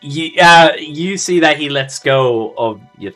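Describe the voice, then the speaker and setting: Bright-voiced young game master, stumbling. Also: male voice, fairly high pitch, slow, soft background music. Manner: stumbling, self-correcting, laughs often. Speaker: dungeon master. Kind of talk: narrating a tabletop game.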